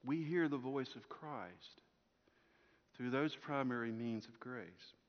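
A man preaching a sermon as a pastor, telling a story and moving between strong projection and hushed softness. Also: mid-range voice, slow. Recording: long hall reverb, dull lo-fi sound.

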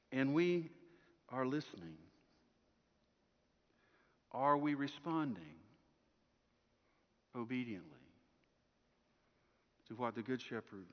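A man preaching a sermon as a pastor, telling a story and moving between strong projection and hushed softness. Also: medium pitch. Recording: long hall reverb, dull lo-fi sound.

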